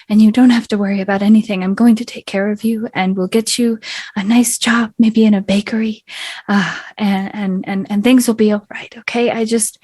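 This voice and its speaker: A woman voicing an anxious, grateful young male innkeeper who stammers and rushes his words. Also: mid-range voice, mellow, breathy edge, dry recording, close to an everyday voice.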